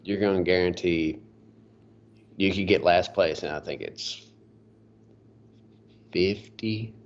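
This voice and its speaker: A man appearing as a golfer guest on a podcast, easygoing and quick to laugh in casual chat. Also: low voice, lo-fi sound. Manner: easygoing, laughs often, hesitant restarts.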